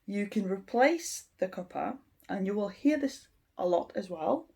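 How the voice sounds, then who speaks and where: A woman teaches an informal language lesson, walking through each point patiently and filling pauses with ums. She speaks slowly and deliberately. Her voice has a noticeable gravelly creak, and her pitch sits in a middle range. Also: expressive, warm tone. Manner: unhurried and explanatory, with frequent ums. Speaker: English teacher.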